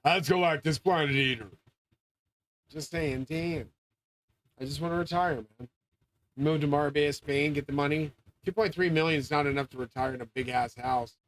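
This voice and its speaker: A man hosting his own channel, rambling through a grandiose, swearing monologue and often yelling. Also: fairly high pitch, moderate pace, slight background noise, rough recording. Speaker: channel host. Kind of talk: profane monologue rant.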